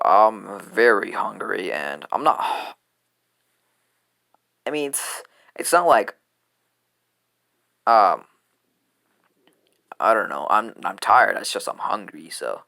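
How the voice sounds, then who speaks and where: A man's voice: fairly low pitch, sing-song, takes it slowly, vocal fry, long pauses, sharp tone. A man tells a fan story off the cuff, rambling and offhand. His delivery is loose and full of fillers and restarts, like casual talk rather than a reading. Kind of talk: casual improvised story retelling.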